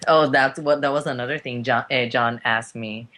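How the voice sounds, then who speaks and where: A woman's voice: extremely low pitch, steady tone, moderate pace, fairly bright tone, a little hiss or hum. A woman from Puerto Rico, a podcast guest, chatting in a teasing, playful way with short replies. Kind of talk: casual podcast chat.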